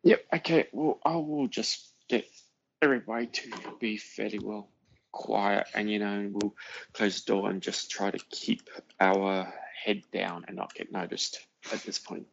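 A man's voice: lowish voice, steady tone, measured pace, creaky. A man playing a character in a tabletop role-playing game, speaking plainly. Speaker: player. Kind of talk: casual tabletop play. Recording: muffled with faint noise.

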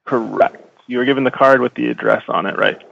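A man narrating as game master in a tabletop game, halting with many fillers and self-corrections, on a slightly dull recording. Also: medium pitch, steady tone, gravelly, background noise.

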